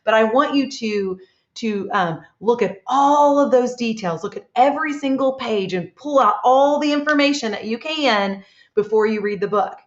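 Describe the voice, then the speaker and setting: A woman's voice, on the high side and at normal speed, belongs to a teacher helping young children read. She is encouraging and praises them frequently. The recording has an echoey, dull quality.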